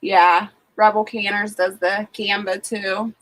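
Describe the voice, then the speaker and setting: A woman's voice: medium pitch, little pitch movement, slow pace, fairly bright tone, poor audio. A woman with an Ohio accent hosting a casual livestream, rambling about her day with lots of fillers and greeting viewers by name. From Ohio, USA. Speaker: homesteading livestream host.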